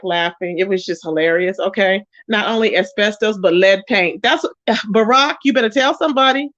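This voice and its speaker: A woman's voice: fairly high pitch, a bit bright, dry recording, dull audio. A woman hosting a casual gossip commentary stream, sassy and blunt, scolding people she talks about and greeting viewers by name. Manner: sassy and blunt, scolding, frequent "child, okay?". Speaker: YouTube commentary host.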